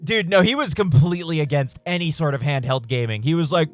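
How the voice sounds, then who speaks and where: A man streaming a game and telling a story in a casual, animated way, swearing and laughing often. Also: on the high side, fast, faint music behind. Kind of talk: casual live-stream chat while gaming.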